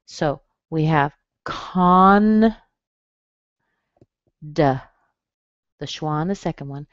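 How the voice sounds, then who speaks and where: A woman leads a pronunciation webinar, breaking each word into its syllables and slowing down on the examples. Her voice sits a little low for a woman. The recording is dry and slightly muffled, like a computer mic. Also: steady tone, a little mellow, no echo. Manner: explains patiently, sounds out syllables. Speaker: pronunciation teacher. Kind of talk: webinar lesson.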